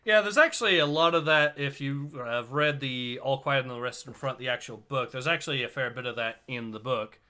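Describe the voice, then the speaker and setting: A man's voice: mid-range voice, fairly quick, few pauses, pushed and bright. A man leading a casual group discussion and recounting details from a book, with fillers between thoughts.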